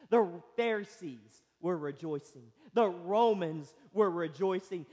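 A young male pastor, preaching a sermon and telling stories. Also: high-pitched. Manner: storytelling, acts out other voices. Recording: long hall reverb.

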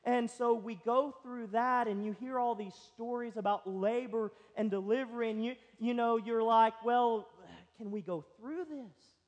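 A man's voice: very high-pitched, measured pace, few pauses, lo-fi sound. A young male pastor, preaching a sermon and telling stories. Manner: storytelling, acts out other voices. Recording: long hall reverb.

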